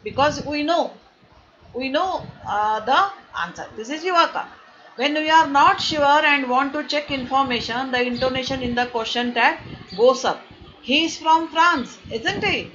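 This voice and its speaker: A woman with an Indian English accent teaching a grammar lesson, explaining slowly and patiently and checking that students understand. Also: high-pitched, a bit bright. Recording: dull lo-fi with faint noise.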